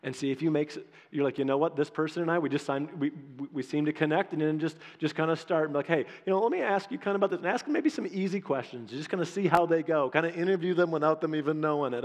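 A man preaching a sermon in a conversational, animated way, acting out the quotes in his stories. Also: fairly high pitch, in a large hall. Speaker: pastor.

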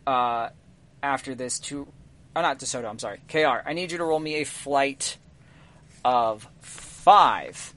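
A man narrating as game master of a tabletop game, measured and halting, with frequent ums. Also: medium pitch, fairly bright tone.

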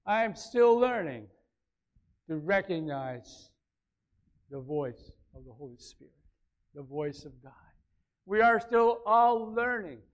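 A man's voice: sits high, lively intonation, takes it slowly, pauses often, dull audio. A man preaching a conversational sermon, repeating phrases and rising to emphatic peaks. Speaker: pastor.

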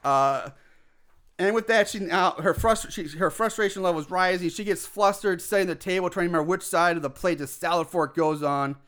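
Male podcast co-host, bright and crisp, rambling animated plot recap. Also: high-pitched, brisk. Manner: rambling, animated retelling with quoted asides. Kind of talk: casual chat.

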